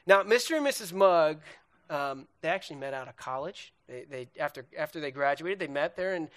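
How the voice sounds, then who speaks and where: Guy preaching in church, fairly high voice, super animated, keeps going "and, and" and restarting sentences. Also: a little fast. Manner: animated, repetitive, stumbling restarts. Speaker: pastor. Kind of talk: sermon with a puppet illustration.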